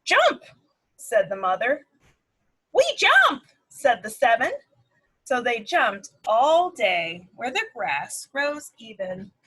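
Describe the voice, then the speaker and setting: A woman speech therapist reading a picture book aloud to preschoolers, animated and sing-song, making animal sounds. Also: on the high side, takes it slowly, slightly rough, poor audio. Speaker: speech-language pathologist. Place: at home.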